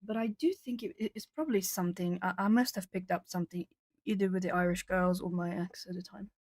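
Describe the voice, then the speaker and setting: A woman's voice: on the low side, fast talker, darkish tone, no room sound. Woman with a British-tinged accent, casual stream chat, rambling, laughs a lot, dry close sound. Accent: hard-to-place English accent, British-tinged. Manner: chatty, rambling, laughs often, self-corrects. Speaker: art streamer. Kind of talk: casual livestream chat while drawing.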